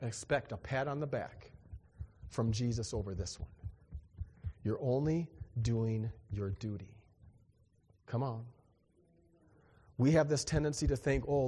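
A man preaching a sermon in an animated, joking way, acting out little dialogues with big swings in his voice. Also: medium pitch, measured pace, long pauses, long reverb tail, a little hiss or hum. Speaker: pastor.

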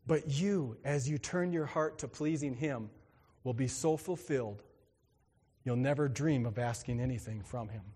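A male pastor preaching a sermon, swinging between loud exclamations and quiet emphasis and acting out quoted voices. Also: medium pitch, normal speed, slightly rough, big-room sound.

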